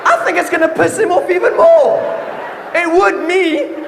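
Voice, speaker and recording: High-voiced comedian in a hall. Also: male voice, moderate pace, vocal fry, crowd noise, noisy background. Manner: animated storytelling, playful asides. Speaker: stand-up comedian. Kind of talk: stand-up comedy routine. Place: large hall, on stage. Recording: echoey hall, live audience laughter. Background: audience laughter.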